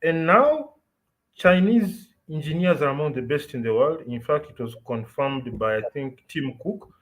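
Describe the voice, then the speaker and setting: A man's voice: on the high side, expressive, a little slow, fairly bright tone, low-quality recording. A Kenyan man in casual, opinionated podcast chat, switching between English and Swahili as he tells stories. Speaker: podcast host.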